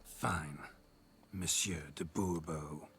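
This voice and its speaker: An actor voicing a blunt, gruff monster-hunting witcher in video game dialogue, with short, dry replies. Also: low voice, steady tone, normal speed, a bit bright.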